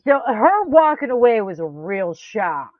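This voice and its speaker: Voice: mid-range voice, big pitch swings, a little slow, no room sound. A co-host in a casual talk show chat who speaks bluntly, jokes around and swears. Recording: dry, dull lo-fi sound.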